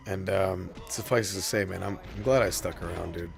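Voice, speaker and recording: A man's voice: sits low, steady tone, brisk, vocal fry, few pauses. A man streaming a video game, chatting casually with viewers, profane and rambling but heartfelt. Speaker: gaming streamer. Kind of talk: casual stream chat while gaming.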